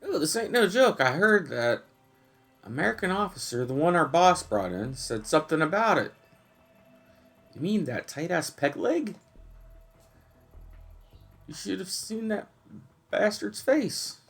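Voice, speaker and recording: Man voicing a squeaky, jumpy soldier guard, blunt and rough, video game. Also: very animated, slow pace, pauses often, faint music behind, exaggerated voice. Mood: agitated. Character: excitable male soldier guard gossiping.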